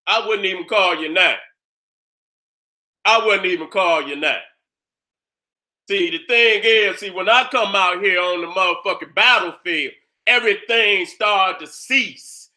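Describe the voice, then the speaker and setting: A man with a high, very bright, forceful voice delivers a fired-up monologue from his own channel. He is boastful and combative, swears freely, and keeps circling back to the same phrases while checking that his listeners understand him.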